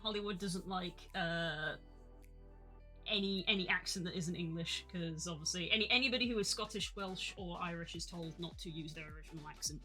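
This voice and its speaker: Woman with a bright tense voice chiming in on a stream, faint music. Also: on the low side, brisk, low-quality recording. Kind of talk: casual chat.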